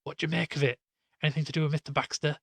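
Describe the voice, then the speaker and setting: A man voicing a country squire who speaks in a brisk, commanding way. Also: fairly high pitch, little pitch movement, vocal fry, a bit bright, no room sound, voice pushed up. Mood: grave.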